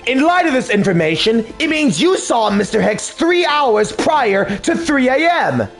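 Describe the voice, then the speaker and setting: A man voicing an excitable, flustered man with a high, yelping voice in a game dub. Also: unhurried, gravelly, faint music behind, full character voice.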